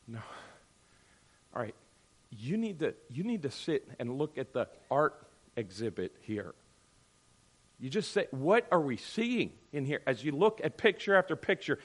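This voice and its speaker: A man leading a conversational Bible study, acting out imagined voices and swinging from loud bursts to quiet asides. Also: medium pitch. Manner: animated, acts out quoted voices, sudden drops to near-murmur. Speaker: Bible teacher.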